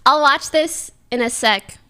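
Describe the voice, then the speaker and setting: A woman's voice: high voice, unhurried, bright, forceful tone. A young adult woman livestreamer chatting casually with her viewers, giggly and slangy, laughing often. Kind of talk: casual chat to a live stream.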